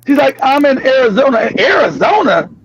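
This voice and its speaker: An older man from California, hosting a live stream and telling a story loudly with profanity, laughter and bursts of shouting. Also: very high-pitched, sing-song, normal speed, slightly rough. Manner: loud, profane, laughing, often breaks into shouting. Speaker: livestream show host. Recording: dull lo-fi stream audio.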